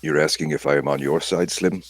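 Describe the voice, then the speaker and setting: A man doing a calm, formal mystic inspector. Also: rumbling low, gravelly, dry recording, heavily acted. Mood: measured. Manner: measured, formal, gently wise. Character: calm, fastidious older male mystic inspector.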